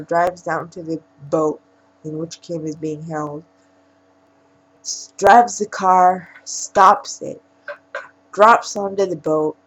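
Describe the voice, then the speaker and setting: Brief: woman film reviewer, low voice with vocal fry, casual rambling recap. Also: low-quality recording. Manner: rambling retelling with frequent restarts. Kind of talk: casual spoken plot recap.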